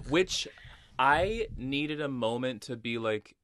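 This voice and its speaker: A woman's voice: extremely low pitch, takes it slowly. A woman co-hosting a podcast, reacting to a film with exclamations in casual chat. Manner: animated reactions, exclamations and laughter. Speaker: podcast co-host.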